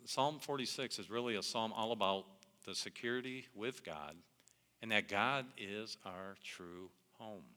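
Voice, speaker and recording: A middle-aged male preacher with a bright, forceful tone and a fairly low pitch. He talks to his listeners in an earnest, conversational way. His voice rings with the long reverb of a large hall. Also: unhurried. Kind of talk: sermon.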